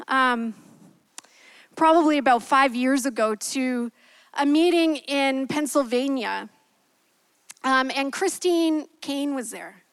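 High pitched woman preaching, gentle and honest, dry close mic. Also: no room sound, rough recording. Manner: candid, gentle, storytelling with quoted asides. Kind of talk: sermon with personal story. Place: church.

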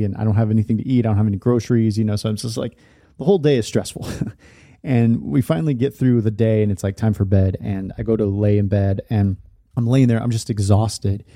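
Dark-voiced man telling a candid story. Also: on the low side, no room sound, studio quality. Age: 30s. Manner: candid, rambling with many fillers. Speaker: podcast host. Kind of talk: casual personal storytelling.

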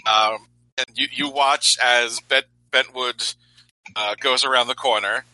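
A man runs a tabletop game, describing scenes in a halting, word-repeating way. His voice is very bright and slow-paced, recorded dry and close. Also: medium pitch, fairly even intonation, no room sound, low-quality recording. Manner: halting, repeats words while narrating. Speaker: game master.

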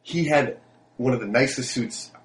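A man's voice: mid-range voice, normal speed. A young man, a podcast co-host, telling a long rambling story with lots of fillers. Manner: rambling, animated, with many fillers. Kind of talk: casual storytelling chat.

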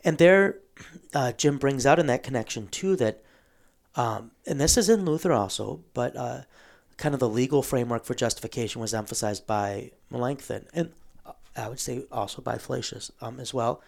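A man hosting a casual theological discussion, explaining a book at length with frequent ums and throat clearing. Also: medium pitch, moderate pace, darkish tone.

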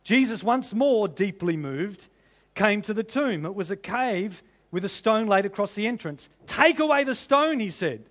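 A man preaching a sermon, animated and humorous, often laughing and piling up rhetorical questions. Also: high voice, a little slow.

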